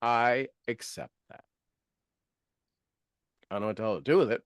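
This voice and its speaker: A man's voice: mid-range voice, moderate pace, clean tone, no room sound, clean studio sound. A man giving a motivational coaching talk, acting out quoted voices and laughing often.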